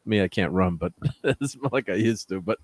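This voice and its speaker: A man shares stories in a casual chat, chatty and often chuckling as he goes. His voice sits on the low side. The recording is dry, with no room echo. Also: lively intonation, normal speed.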